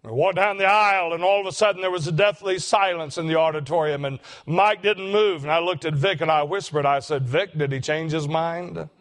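An older man, preaching a sermon and telling a heartfelt story, slowing down for emphasis. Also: sits high, a bit bright. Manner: emotional, slows for emphasis.

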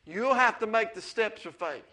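A man preaching a sermon, mixing folksy family stories with rising, excited calls of amen. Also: high voice, moderate pace. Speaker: pastor.

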